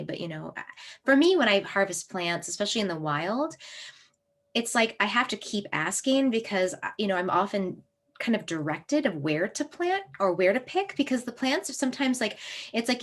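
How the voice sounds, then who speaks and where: A woman in her thirties, an herbalist, telling a personal story in a casual, animated way, acting out voices and laughing as she goes. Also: mid-range voice, moderate pace. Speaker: herbalist and herb school teacher.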